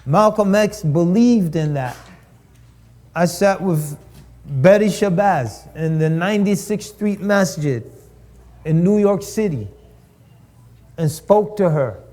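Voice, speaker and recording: A man delivers a lecture in the cadence of a sermon, stacking up repeated phrases to drive each point home. His voice sits high for a man yet sounds mellow and soft-edged. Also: expressive, slow, pauses often. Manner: rhetorical, repeats phrases for emphasis. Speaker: speaker at a live-streamed cultural event. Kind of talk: preaching lecture.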